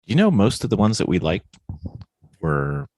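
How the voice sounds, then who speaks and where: A man's voice: on the low side, wildly swooping pitch, moderate pace, a little mellow, breathy edge, dry recording, clean studio sound. A man hosting a podcast, chatting easily and moving the show from one segment to the next. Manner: conversational, steering the show between segments. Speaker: podcast host. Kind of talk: casual chat.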